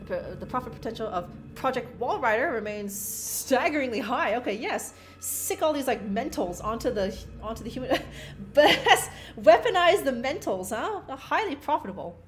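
A young woman narrates her own horror-game run in a loose, profane, joking way, breaking off to read notes aloud and mock them. Her voice sits a little high, and faint music plays underneath. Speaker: streamer playing a horror game. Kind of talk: casual gameplay commentary.

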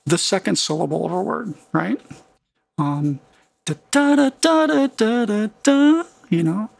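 Male tutorial host: gravelly, husky, casual explainer, dry close sound. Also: a little high, dry recording. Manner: casual, explanatory, thinks aloud with small restarts. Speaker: music production tutor. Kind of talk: screen-recorded software tutorial.

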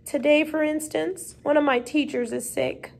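A tall, mild man, fretful and weighed down by problems he cannot solve. A woman reads him aloud from a storybook in a somewhat high voice. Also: steady tone, normal speed, creaky, a little mellow. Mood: worried. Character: tall mild worried man, school superintendent.

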